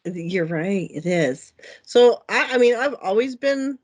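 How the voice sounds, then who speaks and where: A woman's voice: medium pitch, animated, takes it slowly. A middle-aged woman who is a guest on a podcast, chatting candidly and laughing often. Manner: candid, giggly, frequent laughter. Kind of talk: casual chat.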